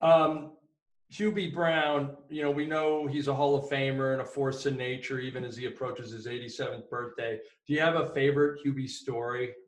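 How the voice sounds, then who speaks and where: A man's voice: medium pitch, fairly even intonation, moderate pace. A man hosting a casual interview, asking questions and often putting in short affirmations. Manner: affable, frequent short affirmations. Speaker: podcast host. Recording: echoey room.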